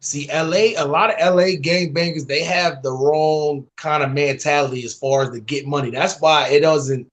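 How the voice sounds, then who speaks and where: A man's voice: on the high side, steady tone, normal speed, few pauses, fairly bright tone. A man from New York with a New York accent, a podcast panelist, bantering in a joking, profane, slangy way. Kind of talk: casual chat.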